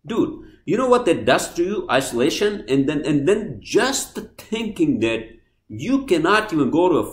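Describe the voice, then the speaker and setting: A man hosting a podcast, ranting angrily and swearing, swinging from loud outbursts to quiet apologies. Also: on the high side, echoey room. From New Jersey, US. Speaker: podcast host. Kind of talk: heated podcast rant.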